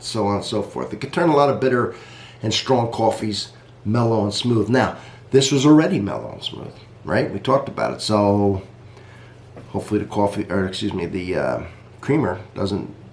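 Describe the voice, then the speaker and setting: A man's voice: lowish voice, creaky, echoey room, slight background noise. A man reviewing coffee in a casual vlog, chatty and rambling, talking straight to his viewers.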